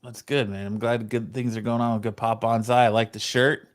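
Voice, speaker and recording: A man's voice: mid-range voice, level tone, brisk. A man co-hosting a podcast, chatting in an easygoing, teasing way. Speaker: podcast co-host. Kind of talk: casual podcast chat.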